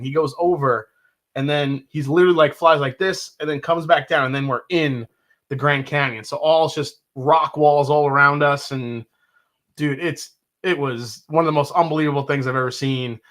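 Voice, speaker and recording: A man's voice: fairly high pitch, fairly even intonation, normal speed, a bit bright. A middle-aged man co-hosting a casual bourbon tasting, chatty and prone to restarts as he tells a story. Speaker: podcast co-host.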